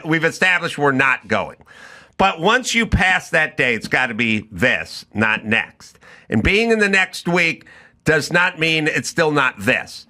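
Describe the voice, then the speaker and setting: Animated, bright-voiced man ranting. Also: a little high, a little slow. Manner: animated storytelling, acting out both sides of a dialogue. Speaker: podcast host. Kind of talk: comedic rant on a talk show.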